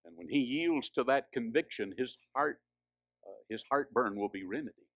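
A man preaching a sermon, swinging from hushed, drawn-out lines to loud, high exhortation. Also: expressive, dry recording.

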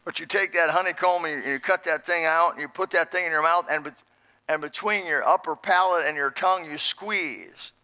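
A man's voice: on the high side, brisk, pushed and bright. A middle-aged man preaching a sermon in a folksy, emphatic way, repeating key phrases.

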